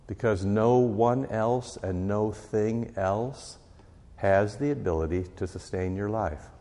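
Pastor guy teaching catechism, low voice, chatty, lots of "right?", long hall echo. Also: a little mellow. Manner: conversational, often asks "right?".

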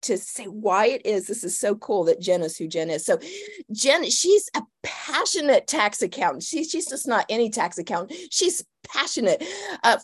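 A woman podcast host who introduces her guest in a gushing, excitable, rambling way. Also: medium pitch. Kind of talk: casual interview hosting.

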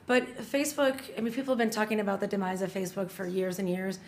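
A woman's voice: medium pitch, fairly even intonation, fast talker. A middle-aged woman in casual podcast conversation, chatty and enthusiastic, often restarting her sentences. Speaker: guest.

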